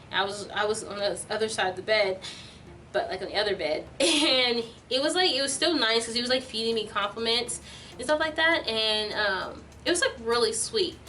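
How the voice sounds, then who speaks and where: A young adult woman vlogger telling a storytime tale in an animated, filler-heavy way. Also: fairly high pitch, far from the mic, slight background noise. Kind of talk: storytime vlog.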